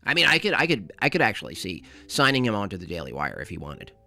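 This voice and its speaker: Bright, animated, sarcastic male streamer. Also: lowish voice, fast talker, vocal fry, faint music behind. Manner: sarcastic, mocking, rambling. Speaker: livestream host. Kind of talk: comedic live commentary.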